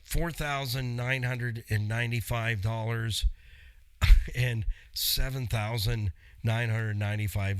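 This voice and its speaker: A talkative male mechanic hosting his own show and chatting straight to viewers. His voice is bright and forceful, and the recording sounds dry and close with no room echo. He keeps it loose, with jokes and easy laughs along the way. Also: mid-range voice, clear, resonant tone. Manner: chatty, jokey asides, laughs often. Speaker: auto mechanic and channel host. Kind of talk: casual talk to camera.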